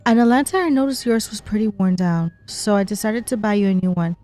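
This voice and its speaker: A woman's voice: mid-range voice, brisk, mellow. A woman streaming a mystery game, reading its letters aloud between chatty reactions. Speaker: gameplay streamer.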